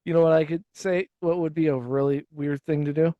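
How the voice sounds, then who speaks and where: A man's voice: fairly high pitch, steady tone, brisk, no room sound, phone-quality sound. A man on a podcast, mocking and swearing in casual chat.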